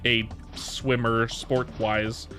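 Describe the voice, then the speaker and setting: A man's voice: mid-range voice, flat delivery, very slow, pushed and bright, soft background music. A man in his thirties chatting casually on a livestream, answering viewer questions in a rambling way with many restarts and repeated words. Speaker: streamer.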